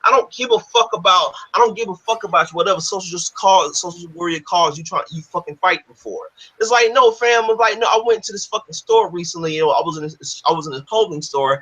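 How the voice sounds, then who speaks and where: A man's voice: high-pitched, quick pace, few pauses, pushed and bright. A man hosting a casual discussion, ranting in a heated, profane, emphatic way. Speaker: podcast host. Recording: dull lo-fi audio.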